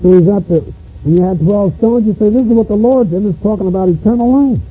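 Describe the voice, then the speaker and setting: A man's voice: high voice, fast, slightly rough. A man preaching a sermon on scripture, stressing his points by repeating phrases. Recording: muffled lo-fi recording with mains hum.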